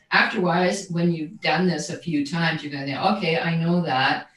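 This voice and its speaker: A woman's voice: deep voice, fairly even intonation, normal speed, hardly any pauses, fairly bright tone. Woman coaching voice, roomy and distant. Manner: explanatory, often adds "right?", repeats words when searching. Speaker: guest voice coach and jazz singer. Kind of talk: conversational livestream interview. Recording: roomy echo, distant from mic.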